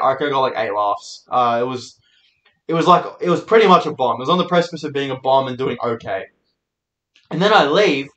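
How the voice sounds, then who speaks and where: A man's voice: fairly high pitch, fairly bright tone, echoey room, rough recording. A young Australian man hosting his own show, telling rambling stories in a casual, sweary way. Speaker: podcast host and comedian. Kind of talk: solo storytelling monologue.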